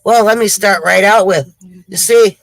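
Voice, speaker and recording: A man's voice: sits high, fairly even intonation, normal speed, fairly bright tone, low-quality recording. A man short of breath and on oxygen, telling jokes to his viewers in a chatty, casual livestream. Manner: chatty, addresses viewers as folks. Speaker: livestream joke teller.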